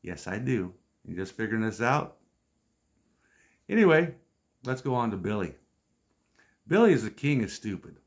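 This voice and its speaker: A man in his fifties telling funny stories about his friends in a casual, exasperated, deadpan way, with wry asides. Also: on the low side, normal speed, pauses often. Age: 50s. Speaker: storyteller vlogger. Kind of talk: casual comic storytelling.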